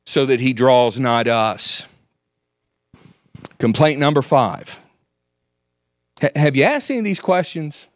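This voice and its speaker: A man preaching a sermon, reading scripture aloud with measured emphasis. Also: fairly high pitch, dry recording, clean studio sound.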